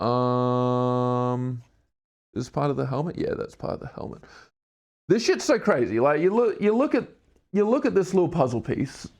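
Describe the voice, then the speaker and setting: A man's voice: mid-range voice, very animated, moderate pace, darkish tone. A man in his twenties with an Australian accent, live-streaming while doing a jigsaw puzzle, rambling and joking at his own expense, with casual swearing. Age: 20s. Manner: rambling, jokey, self-mocking, swears casually.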